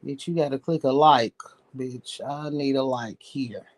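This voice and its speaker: A man's voice: medium pitch, fairly even intonation, a little slow, rough recording. A man with a Southern US accent, talking in a rambling, profane, reflective casual monologue as a streamer.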